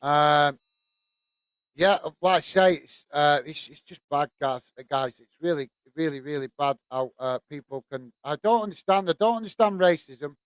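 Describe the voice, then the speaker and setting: Halting, soft-spoken British man chatting. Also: fairly high pitch, clean tone, no room sound. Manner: halting, many fillers and restarts. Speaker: host of a football channel. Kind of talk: casual live-stream chat reading out viewer comments.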